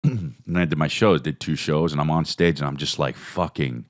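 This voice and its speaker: A man, hosting a podcast in a rambling, profane, comedic monologue that swings between low mutters and high excited bursts. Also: moderate pace, no echo, clean studio sound. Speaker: podcast host.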